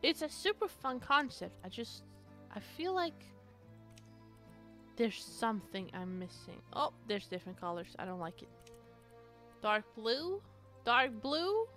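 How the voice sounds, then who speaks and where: A woman live streaming a game, chatting casually, excitable and swearing often as she greets and answers her chat. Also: on the high side, unhurried, long pauses, soft background music.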